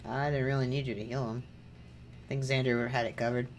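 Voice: medium pitch, little pitch movement, brisk, faint music behind. A streamer giving casual, rambling commentary while playing a video game, muttering to themself, humming along and making self-deprecating jokes.

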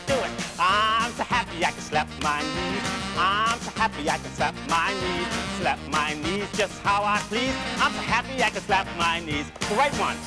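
An actor playing a cheerful man who leads children's action songs and encourages everyone to join in. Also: sits high. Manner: sing-song, encouraging, playful. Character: cheerful adult man leading kids' songs. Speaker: singing show regular. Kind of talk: children's TV musical acting.

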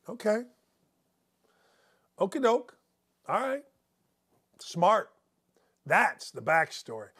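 A man's voice: high-pitched, sing-song, slow pace, long pauses, a bit bright, husky. A middle-aged man hosting a sports talk show, giving a blunt, opinionated commentary monologue and drifting into stories. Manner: blunt, opinionated, rambling storyteller.

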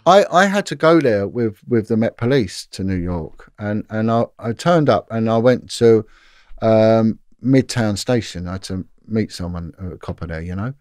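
A man's voice: fairly low pitch, expressive, normal speed, a little mellow, no room sound, clean studio sound. A middle-aged British man, a former police detective telling a long anecdote in a casual interview, with lots of restarts. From Britain.

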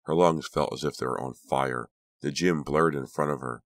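A man narrating an audiobook in a steady, dramatic reading voice. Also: very deep voice, moderate pace, no room sound. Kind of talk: scripted narration.

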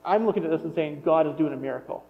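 A middle-aged man preaches in a relaxed, conversational manner, often restarting his sentences as he thinks aloud. His voice sits a little high, and it rings with a long hall reverb. The recording sounds slightly dull and muffled. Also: racing, vocal fry. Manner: conversational, self-correcting, wonders aloud. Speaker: pastor. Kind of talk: sermon.

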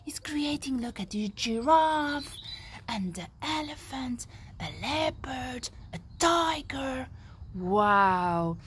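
A high-voiced woman tells a story to small children, her pitch leaping around as she gasps and exclaims. She takes her time and keeps asking the little listener to spot things. Faint noise sits behind her. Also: slow pace. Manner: animated, gasping, exclaiming, asking the listener questions.

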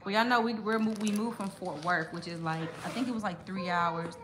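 A woman's voice: medium pitch, fairly quick. A young woman hosts a casual live-stream vlog, chatting and greeting viewers by name. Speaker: vlog host. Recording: noticeable background noise.

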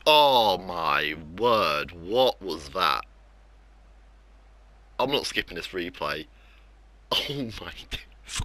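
A man's voice: sits low, big pitch swings, drawn-out words, pauses often, pushed and bright. A young man commenting on his own football video game matches, mocking himself and ranting about losing. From England. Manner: frustrated, self-mocking ranting. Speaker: gaming YouTuber. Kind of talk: live gameplay commentary.

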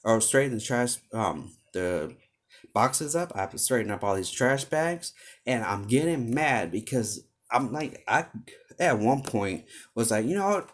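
A man's voice: medium pitch, expressive, a little slow. A young man telling a frustrated story about work in a rambling, casual way, full of filler words. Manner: exasperated, rambling, heavy use of filler words. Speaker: vlogger.

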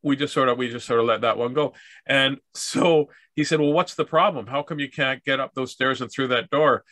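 A Canadian man tells a humorous story in a loose, rambling way, restarting his sentences and acting out what each person said. His voice is bright and forward. It is recorded dry and close, with no room sound. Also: mid-range voice, brisk, no echo. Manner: rambling, with restarts and acted-out dialogue. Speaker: speaker telling stories about accessibility. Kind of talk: casual storytelling talk.

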